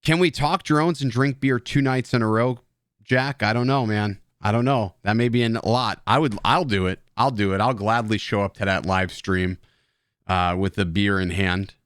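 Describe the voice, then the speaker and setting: A man's voice: on the low side, normal speed, fairly bright tone, smooth, no echo, clean studio sound. A man hosting a casual live stream, joking and swearing at his chat while drinking beer. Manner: rambling, joking, profane banter with chat.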